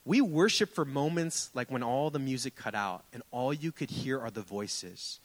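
A man's voice: mid-range voice, expressive, moderate pace, low-quality recording. A young adult man preaching a sermon in a church sanctuary, impassioned and rising and falling in emphasis. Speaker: pastor.

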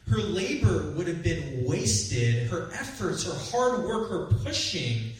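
Young male pastor, animated sermon storytelling, very echoey room. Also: sits high, slow, far from the mic. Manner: lively storytelling, builds to loud peaks.

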